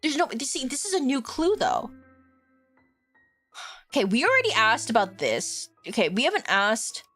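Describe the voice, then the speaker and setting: A woman's voice: a little high, huge pitch swings, normal speed, long pauses, a bit bright. A young woman streaming a game, reacting dramatically, exclaiming and swearing to her chat. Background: faint game music.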